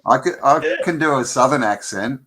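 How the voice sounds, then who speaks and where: A man's voice: mid-range voice, expressive, moderate pace, a crowd in the background. A man hosting a casual live stream chat, joking around, laughing often and attempting accents.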